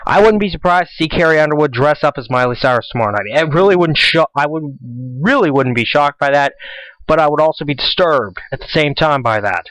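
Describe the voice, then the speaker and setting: A man's voice: fairly high pitch, lively intonation, a little fast, a bit bright, dry recording, rough recording. A teenage boy hosting a casual school radio show, rambling and repeating himself as he chats. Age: teens. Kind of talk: casual solo radio talk.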